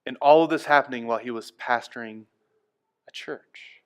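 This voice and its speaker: A male pastor delivering a sermon, moving between quiet, hushed passages and loud, emphatic ones. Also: mid-range voice, moderate pace, clear, resonant tone. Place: church.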